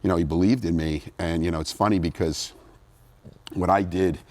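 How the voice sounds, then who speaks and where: A man's voice: low voice, moderate pace, dry recording. A middle-aged man from New Jersey, a former pro bodybuilder, telling his story in a casual interview and acting out what people said. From New Jersey, USA. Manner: animated storyteller, acts out quotes.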